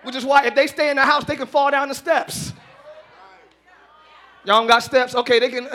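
A man pastor preaching a live sermon in church, building to shouted passages and joking asides to the congregation. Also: extremely high pitch, fairly even intonation, normal speed, pauses often, a faint crowd, slight background noise.

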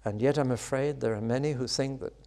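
A man preaching a sermon, expressive, building to loud, high exclamations and dropping back to soft, quiet lines. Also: fairly quick.

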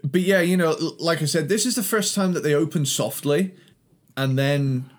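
A man's voice: fairly high pitch, moderate pace. A man with a light Cornish accent chats on a podcast about music and life. He tells rambling stories with plenty of laughs and the odd swear word. His tone is loose and easygoing. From England. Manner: laughing, swearing, tangent storytelling. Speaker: podcast co-host. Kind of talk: casual chat.

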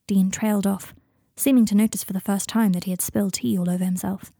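A woman narrating a fan-fiction story in an even, steady storytelling manner. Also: mid-range voice, quick pace, vocal fry, few pauses, no echo, studio quality. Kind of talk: audiobook narration.

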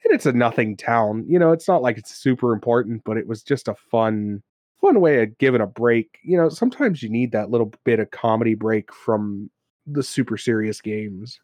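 A man's voice: medium pitch, moderate pace, no room sound. Guy on a podcast telling d and d stories, lots of laughing, dry close sound. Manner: animated storyteller, laughs often, acts out characters. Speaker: podcast co-host and game master. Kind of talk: casual chat about tabletop games.

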